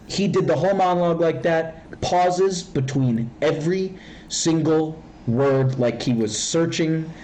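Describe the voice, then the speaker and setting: Lively young man telling stories. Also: medium pitch, slight background noise, low-quality recording. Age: 20s. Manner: animated storyteller, laughs often. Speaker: podcast co-host. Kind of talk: casual chat. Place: home, remote voice call. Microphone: voice chat headset mic.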